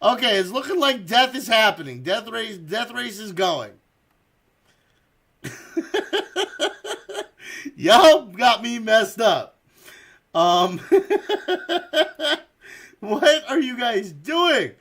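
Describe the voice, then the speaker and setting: High-pitched man announcing a live-stream game. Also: very animated, drawn-out words, vocal fry, long pauses. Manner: playful announcer, laughing, calling out eliminations. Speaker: streamer hosting a community game. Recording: loud crowd and noise behind.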